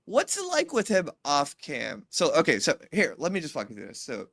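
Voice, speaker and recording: A woman co-hosting a podcast, chatting casually in an animated way, swearing and cutting in often. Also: low-pitched, creaky. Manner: animated, swearing, quick interruptions. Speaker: podcast co-host. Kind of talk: casual chat.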